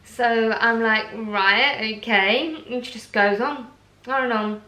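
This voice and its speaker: A woman's voice: a little high, fairly even intonation, measured pace, sharp tone. A woman from Essex with an Essex accent, a blogger ranting to camera in a chatty, indignant way full of fillers. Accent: Essex English. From Essex, England. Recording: roomy echo.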